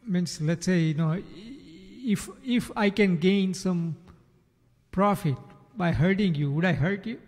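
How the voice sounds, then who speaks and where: A man's voice: high voice, slow pace, darkish tone, husky. A man interjecting from the audience at a temple assembly to explain a point in an instructive way. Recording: distant mic, long hall reverb.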